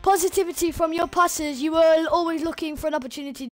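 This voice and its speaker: A woman reacting excitedly to a football game she is playing, talking straight at the screen. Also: very high-pitched, fast. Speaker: gamer. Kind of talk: live gameplay commentary.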